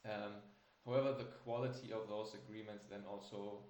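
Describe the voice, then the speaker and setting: A man moderating a webinar presentation, speaking haltingly with many filler sounds. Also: on the low side, fairly even intonation, darkish tone. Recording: roomy echo.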